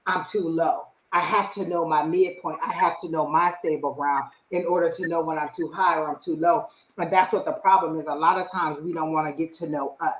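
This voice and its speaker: A woman with a low voice talks with a live stream audience in a casual, animated way and gives spiritual advice. She often acts out what she says to herself. Her voice rings in an echoey room. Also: fairly quick, few pauses. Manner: animated, acts out her own inner voice and quotes. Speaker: psychic reader, live stream host.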